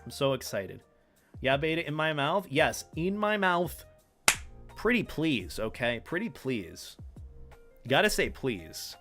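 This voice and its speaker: A man's voice: a little high, big pitch swings, measured pace, a bit bright, soft background music. A man chatting casually on a live stream, rambling playfully and talking to his chat, with his words tumbling over each other. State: hiccups.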